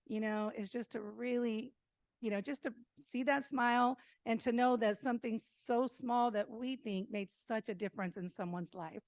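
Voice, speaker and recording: A woman with a fairly high voice recounts a story to a meeting in a relaxed, chatty way, full of fillers and small laughs. The sound is dry and close, with no room echo. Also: brisk. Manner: warm anecdotal telling with fillers and laughs. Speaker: senior meal program presenter.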